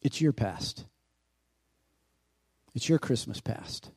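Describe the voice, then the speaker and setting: A pastor preaching a sermon in a church who calls out for amens and asks the congregation questions. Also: male voice, mid-range voice, lively intonation, slow pace, gravelly, darkish tone, husky. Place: church sanctuary.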